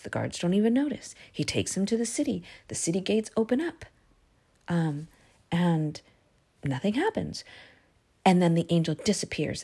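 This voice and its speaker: A woman teaching a casual Bible lesson, retelling the stories in a lively way with many fillers. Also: fairly low pitch, breathy edge.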